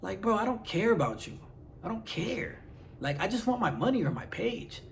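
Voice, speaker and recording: A man's voice: high voice, big pitch swings, moderate pace, vocal fry, slight background noise. A man vlogging straight to his followers, exasperated and firing off rhetorical questions with lots of "like" fillers. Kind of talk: direct-to-camera vlog rant.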